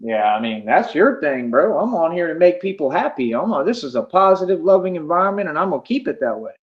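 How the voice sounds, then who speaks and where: On a lo-fi livestream, a man whose voice is on the high side, with big pitch swings, rants fast and boastfully at his chat. He comes across brash and defiant, repeating himself and calling everyone homie.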